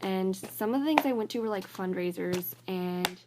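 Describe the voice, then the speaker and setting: A young college-age woman rants to her phone camera in a casual vlog, and her voice sits at an ordinary middle pitch. She rambles and stacks "like" into nearly every phrase, sounding fed up and exasperated. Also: normal speed, noisy background. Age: young adult. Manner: rambling, filler-heavy, says "like" constantly; annoyed and exasperated. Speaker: college student vlogger.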